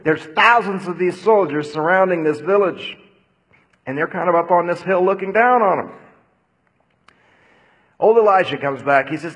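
A man preaching a sermon who tells a story with lively acted-out quotes, then answers questions from the audience. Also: high-pitched, normal speed, pauses often, slightly rough, low-quality recording. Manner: animated storytelling, acts out quotes loudly. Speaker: pastor.

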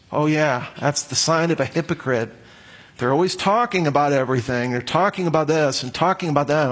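A man's voice: a little high, brisk. A man preaching to his congregation, explaining a passage in detail and acting out the voices he quotes. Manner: animated expository preaching, acts out quoted voices. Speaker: pastor. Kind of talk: sermon.

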